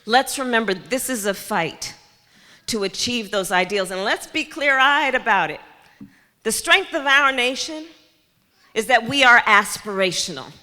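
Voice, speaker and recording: A woman's voice: a little high, expressive, a little slow, sharp tone. A woman political candidate giving a campaign speech, rhetorical and repeating key phrases. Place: large community center hall before a crowd. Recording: reverberant hall with faint crowd.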